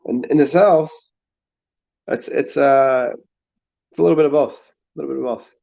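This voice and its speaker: A man's voice: mid-range voice, creaky, mellow. Guy rambling to chat on stream, keeps restarting, says it's it's a lot, kinda muffled lo-fi audio. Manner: halting, repeats words and restarts, laughs and swears. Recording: dull lo-fi sound.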